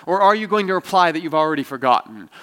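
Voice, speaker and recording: A man's voice: a little high, lively intonation, fast talker, smooth, voice pushed up. A man reading as a stern interrogating Roman governor. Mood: scornful. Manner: sharp, interrogating questions. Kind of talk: dramatic reading from a novel.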